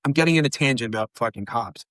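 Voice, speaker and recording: Talking at a quick pace in a mid-range voice, with no room sound, a podcast guest in his forties tells rambling, profane stories. He keeps the chat casual and animated, acting out the dialogue as he goes.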